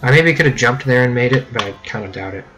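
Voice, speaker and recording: A man giving casual gameplay commentary, rambling and self-mocking with sudden excited yelps. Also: mid-range voice, fast, background noise. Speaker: let's play gamer. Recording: keyboard clicks audible behind.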